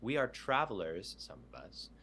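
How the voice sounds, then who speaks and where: Man, game master, low voice, animated delivery, easygoing, video call mic. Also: normal speed, slight background noise. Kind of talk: running a tabletop game over a call.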